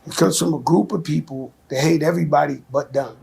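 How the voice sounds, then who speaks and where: Gravelly high-voiced man, profane talk. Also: a little fast. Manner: animated, profane, storytelling. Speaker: interview guest. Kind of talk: heated casual interview talk.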